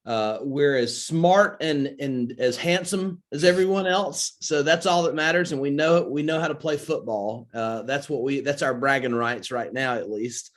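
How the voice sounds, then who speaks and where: A man's voice: medium pitch, normal speed, hardly any pauses. Chatty Southern man in his forties. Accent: Southern American. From Alabama, USA. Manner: chatty, self-deprecating, frequent fillers. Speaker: podcast guest, crypto investor. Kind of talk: casual interview talk.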